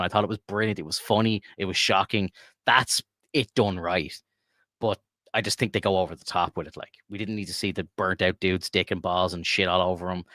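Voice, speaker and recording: A young man with a lowish voice chats loosely on a podcast. He swears often, rambles through long "like"-filled riffs and keeps breaking into laughter. The recording is dry and close, with no room sound. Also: sharp tone, dry recording. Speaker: podcast co-host. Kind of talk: casual chat.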